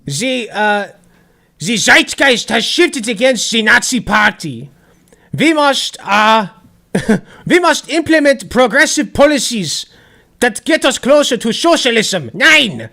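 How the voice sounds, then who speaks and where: A man's voice: extremely high pitch, big pitch swings, takes it slowly, vocal fry, sharp tone, voice pushed up, heavily acted. A man doing a mocking impression of a German dictator giving a pompous speech, with an attempted German accent. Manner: exaggerated mocking rally oratory.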